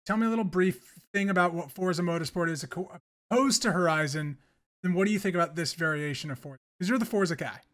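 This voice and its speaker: A man's voice: high-pitched, fast, fairly bright tone. A young man hosting a gaming podcast, teasing his co-hosts playfully. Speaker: podcast host. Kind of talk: casual chat.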